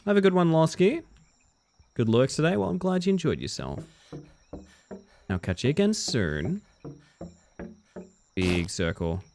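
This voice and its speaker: Against background noise, a man with a slightly high, very animated voice streams a video game at a measured pace, pausing often. He keeps up a chatty commentary, replying to chat and reacting to the game as he plays.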